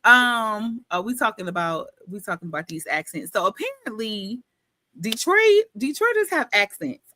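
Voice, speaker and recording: A woman's voice: medium pitch, big pitch swings, normal speed, sharp tone, dry recording. A woman with a New York accent hosting a live book club interview, playful and teasing, full of slang. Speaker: host.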